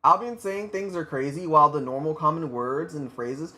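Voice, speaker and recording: A man's voice: fairly high pitch, moderate pace, bright, forceful tone. An American man reading a story aloud on a livestream, stumbling over words and breaking off to comment on them. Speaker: streamer.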